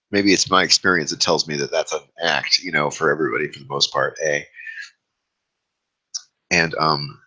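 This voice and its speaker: A vlog host with a low, sharp voice and a breathy edge confesses his fears candidly and at length to his own camera. The monologue is self-recorded on the camera mic and sounds rough.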